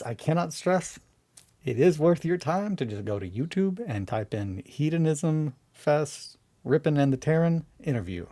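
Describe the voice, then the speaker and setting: A man hosting a hobby video, talking in a casual, rambling way, swearing freely and trying to calm down from a bad mood. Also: medium pitch. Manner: excitable, rambling, swears freely, restarts often.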